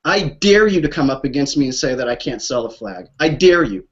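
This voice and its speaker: A man's voice: medium pitch, big pitch swings, a little fast, dull audio. A man on a group call speaking about his veterans' flag program, emotional and blunt, swearing and repeating himself. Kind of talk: impassioned talk on a group call. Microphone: call line.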